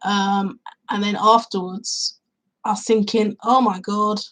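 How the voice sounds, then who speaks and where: A woman's voice: medium pitch, flat delivery, takes it slowly, a bit bright, rough recording. A woman reviewing a film in a casual vlog, retelling the plot at length with fillers and quoting her own reactions, recorded outdoors in cool weather.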